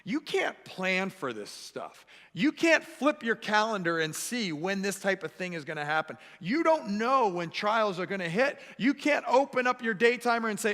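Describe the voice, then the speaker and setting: Forceful male pastor in echoey hall. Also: high-pitched, normal speed, hardly any pauses. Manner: animated, acts out voices and quotes. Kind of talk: sermon. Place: church sanctuary.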